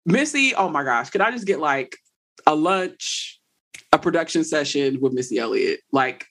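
Animated woman telling stories. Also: low-pitched, normal speed. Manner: animated, laughs while telling stories, Southern slang. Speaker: guest. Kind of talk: casual conversation.

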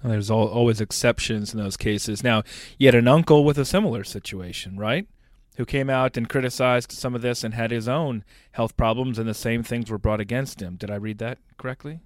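A man's voice: mid-range voice, brisk, no room sound, clean studio sound. A man hosting a podcast, reading quotes from a book and asking questions. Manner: reads quotes, asks questions. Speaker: podcast host. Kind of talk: podcast interview.

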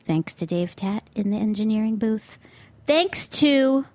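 A woman's voice: mid-range voice, expressive, unhurried, a little mellow, dry recording. A woman hosting a food podcast in a studio, talking in an opinionated, sarcastic way with bursts of disbelief. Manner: exasperated, sarcastic, outbursts of disbelief. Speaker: podcast host. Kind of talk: opinionated solo podcast monologue. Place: studio booth. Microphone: studio microphone.

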